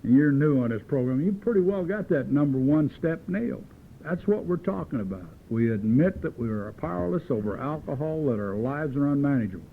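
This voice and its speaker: A man's voice: fairly high pitch, lively intonation, brisk. A man giving a folksy, joking talk from the podium at a recovery meeting, telling stories in an earthy way. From Southern California. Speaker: AA meeting speaker. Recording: old phone-like tape with faint hiss.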